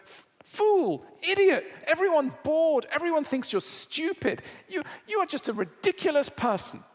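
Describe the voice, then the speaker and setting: A man doing the voice of a furious, shouting spouse, high and strained, in a reverberant lecture hall. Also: very animated, normal speed.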